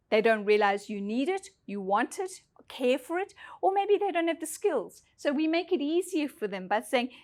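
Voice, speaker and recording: A woman leadership trainer giving an instructional presentation, speaking emphatically and putting questions directly to her listeners. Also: high-pitched.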